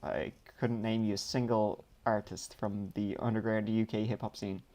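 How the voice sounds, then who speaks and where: On a live stream, an Irish man from Dublin reads out viewer questions and answers them casually, drifting through loose asides with frequent ums. His voice sits a little low, warm and level-toned, at a moderate pace.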